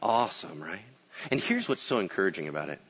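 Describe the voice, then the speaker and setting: A man delivers a casual, storytelling sermon from a church pulpit. His pitch jumps all over the place as he acts out quotes, swinging from booming to hushed. The recording is muffled and lo-fi. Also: sing-song, fast. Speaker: pastor.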